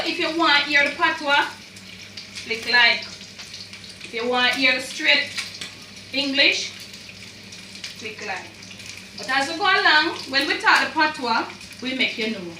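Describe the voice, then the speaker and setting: A high-voiced Jamaican woman demonstrates cooking at home in a chatty, repetitive way, blending in Jamaican creole. The recording is echoey and distant from the mic, with background noise from a sizzling, frying pan.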